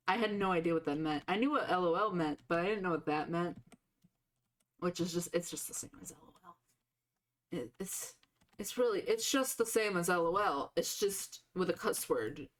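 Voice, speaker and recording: A woman streaming a game live, chatting casually with a sore throat that lowers her voice, rambling with lots of "like" and restarts. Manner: rambling, full of "like" fillers and restarts.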